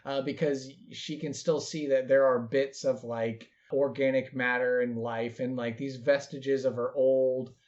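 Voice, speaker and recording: A man's voice: mid-range voice, level tone, unhurried, few pauses, a little mellow. Hesitant man narrating his game character. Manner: hesitant, many fillers. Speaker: tabletop role-play player. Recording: dull lo-fi recording.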